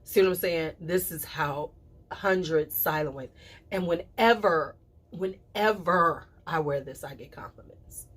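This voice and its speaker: A woman talking casually to camera as a perfume reviewer, chatty and animated, with playful asides and quick drops to a whisper. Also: sits low, husky. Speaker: perfume reviewer and channel host.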